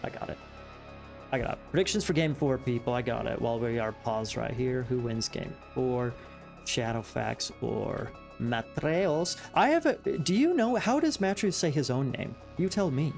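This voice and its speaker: Dude co-casting a game match, mid pitch, rambly with lots of ums, light music behind. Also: male voice, lively intonation, moderate pace, vocal fry, darkish tone. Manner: chatty, musing, many fillers. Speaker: esports caster. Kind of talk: game commentary.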